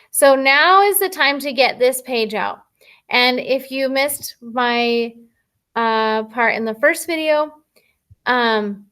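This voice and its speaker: A woman's voice: fairly high pitch, a bit bright. A woman teacher giving a recorded phonics lesson to children, patient and thinking aloud as she writes. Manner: slow, patient, thinking aloud while writing.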